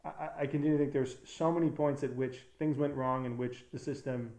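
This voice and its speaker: A man's voice: medium pitch, fairly even intonation, a little fast, dark tone. Earnest, rambling man in a roomy room. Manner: rambling, many fillers and restarts, earnest. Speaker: documentary filmmaker. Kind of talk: casual interview talk. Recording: roomy echo.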